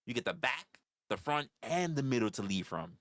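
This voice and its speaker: A man's voice: mid-range voice, very animated, moderate pace, fairly bright tone, dry recording, studio quality. Profane New man, swooping voice. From New York. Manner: profane, rambling storytelling. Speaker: livestream host. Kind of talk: casual livestream chat.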